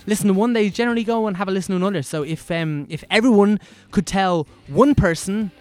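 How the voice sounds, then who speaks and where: Soft-spoken young podcast host. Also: male voice, high voice, fast talker, faint music behind. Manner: soft-spoken, earnest, effusive with thanks. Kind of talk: casual podcast chat.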